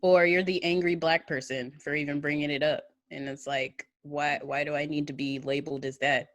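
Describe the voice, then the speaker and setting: Here a tipsy podcast co-host with a low voice recounts a story at normal speed, her delivery flat even as she laughs loosely. Casual chat, lots of ums, plenty of swearing.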